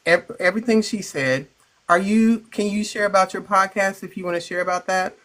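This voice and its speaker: A woman hosting a live chat, gently reading out viewers' comments and welcoming them. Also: mid-range voice, a little fast. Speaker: live-stream host.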